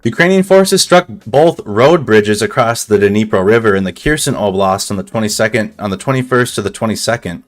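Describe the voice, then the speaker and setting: A man's voice: fairly low pitch, lively intonation, fairly quick, hardly any pauses, faint music behind. A man giving casual live commentary on war news over a map, thinking aloud with restarts and a slightly dry throat.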